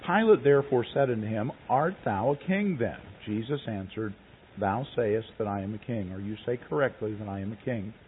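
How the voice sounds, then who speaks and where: A man preaching a sermon, reading scripture slowly and then retelling it in plain conversational words. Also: on the low side, slight background noise. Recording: tinny phone-like recording.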